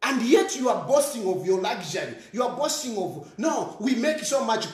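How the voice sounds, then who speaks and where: A man with a Zambian accent delivers a heated, scornful rant, hammering the same phrases over and over. His voice sits very high and swings widely in pitch. The sound carries a roomy echo. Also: very animated, moderate pace. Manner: ranting, scornful, repeats phrases, mixes in local words. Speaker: commentator. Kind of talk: impassioned monologue.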